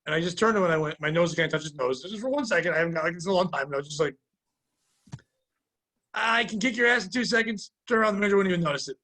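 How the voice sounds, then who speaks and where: A man's voice: on the high side, very fast, hardly any pauses, a bit bright. A man in his forties co-hosting a podcast, telling long, rambling, profane stories in casual chat. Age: 40s. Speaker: podcast co-host, comedian.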